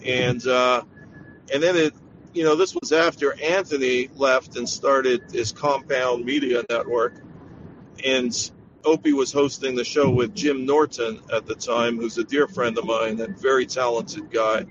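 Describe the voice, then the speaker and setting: A man guest in a casual podcast chat, telling stories in a measured way. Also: medium pitch, steady tone, muffled recording, slight background noise.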